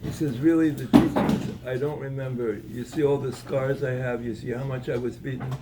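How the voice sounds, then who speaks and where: A man tells a story during a Torah talk at an evening event, stumbling along with frequent restarts and repeated words. He has a mid-range, steady voice. The recording is very noisy and captured from a distance.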